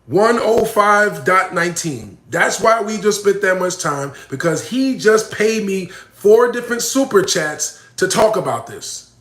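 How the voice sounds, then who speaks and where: A man's voice: high voice, lively intonation, a little slow, hardly any pauses, a bit bright, roomy sound. A man, a battle rapper, chatting casually with fans in a slangy, profane, rambling way that swings between hyped and subdued. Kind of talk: casual live chat with fans.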